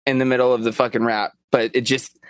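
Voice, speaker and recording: A man's voice: mid-range voice, little pitch movement, fast, smooth, no room sound. A man co-hosting a podcast in casual chat, blunt and swearing freely as he jumps in to explain things. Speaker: podcast co-host.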